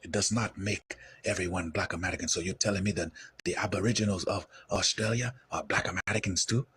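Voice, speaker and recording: A man's voice: deep voice, steady tone, fairly quick, a bit bright, slight background noise. A man from Ethiopia lecturing in an explanatory way, often repeating "you see". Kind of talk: lecture-style talk.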